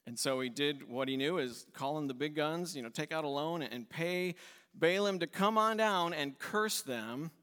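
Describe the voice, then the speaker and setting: A man's voice: on the high side, moderate pace, a bit bright, clean tone. Man preaching in a reverberant hall. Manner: conversational storytelling, acts out quoted voices with laughs. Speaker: pastor. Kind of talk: sermon.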